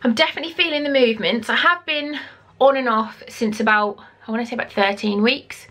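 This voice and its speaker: Bright-voiced, breathless woman. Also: on the high side, brisk. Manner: rambling, chatty, reads aloud then comments. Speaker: vlogger giving a pregnancy update. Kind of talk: casual chatty vlog.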